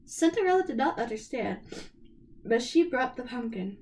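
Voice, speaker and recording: A young woman reads a storybook aloud in a somewhat high, nasal voice. She trips over words now and then and stops to correct herself. It sounds like a simple home recording. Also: big pitch swings, moderate pace, a little mellow, slight background noise. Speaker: storybook reader.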